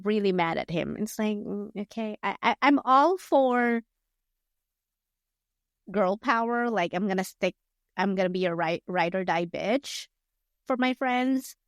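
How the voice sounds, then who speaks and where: A woman co-hosts a casual book podcast at a middling pitch. She rambles through plot points with plenty of fillers and acts out the characters' lines in quotes. The sound is close and dry. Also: measured pace, no echo. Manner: rambling, filler-heavy retelling. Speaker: podcast co-host. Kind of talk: casual book review chat.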